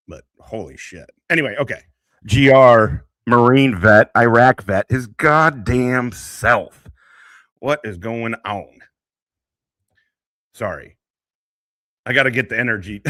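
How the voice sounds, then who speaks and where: Male stream host, lowish voice but forceful and bright, swears a lot, rambles, dry close sound. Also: no room sound. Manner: profane, rambling, emotional. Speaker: livestream host and veteran. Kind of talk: casual livestream chat.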